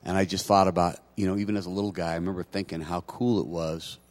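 A man preaching a sermon, telling a personal story in a conversational way and building to loud, emphatic preaching. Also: low-pitched, steady tone, fast. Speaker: pastor.

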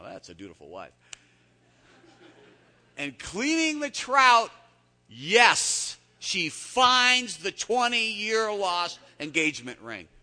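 A man preaching a sermon, telling stories that swing from hushed, intimate lines up to loud, emphatic peaks. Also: on the low side, husky, in a large hall. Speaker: pastor.

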